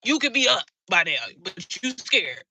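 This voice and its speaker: A woman's voice: on the high side, big pitch swings, normal speed, sharp tone, a little hiss or hum. A woman coach talking to viewers on a live stream, fired up, blunt and full of swearing. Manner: fired-up, blunt and heavily profane. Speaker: online business coach.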